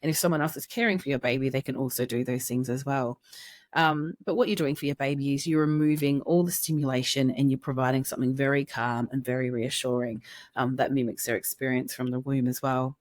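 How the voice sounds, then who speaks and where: A woman with an Australian accent, a podcast co-host and sleep practitioner, giving calm, reassuring parenting advice. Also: rumbling low, brisk, no echo, studio quality. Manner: gentle, reassuring, steady. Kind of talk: advice chat.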